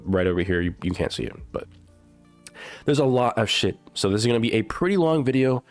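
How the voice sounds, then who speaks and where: A man's voice: fairly low pitch, lively intonation, a little fast, soft background music. Sick-sounding man rambling about patch notes. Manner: rambling, filler-heavy and profane. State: sick, stuffy voice. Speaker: gaming YouTuber. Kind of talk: casual patch notes commentary.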